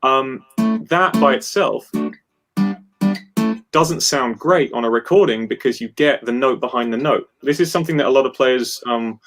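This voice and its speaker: Male guest musician, mid pitch, animated technical chat over a video call. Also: normal speed, over music. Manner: animated, rambling explanations with many restarts. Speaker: guest guitarist.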